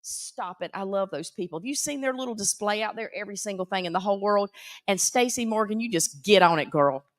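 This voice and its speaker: A woman with a Southern American accent announcing prize winners at a live event, teasing and animated. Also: mid-range voice, fairly quick, no echo, studio quality. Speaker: auction emcee.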